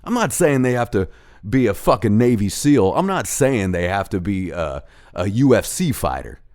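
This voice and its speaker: A low-voiced man in a heated, profane rant, his pitch swinging widely as he fires off complaints. He acts out little exchanges in between, then pushes his point harder. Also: normal speed. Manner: animated, profane, heated ranting with mimicked dialogue. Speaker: host of a rant show. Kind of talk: ranting monologue.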